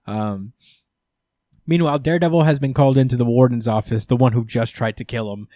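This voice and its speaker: A man hosts a podcast, recapping a comic in a loose, casual way with plenty of swearing and laughter. His voice is mid-pitched for a man. The sound is dry and close to the microphone. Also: a little fast, dark tone, no room sound. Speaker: podcast host.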